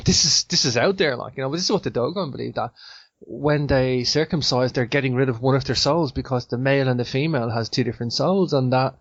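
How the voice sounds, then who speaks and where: A male podcast host chats casually and tells his stories with animation, his pitch jumping high when something astonishes him. The recording is dull and lo-fi, with a dry sound and no room echo. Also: fairly quick. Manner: animated storyteller with sudden high-pitched outbursts. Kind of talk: casual chat.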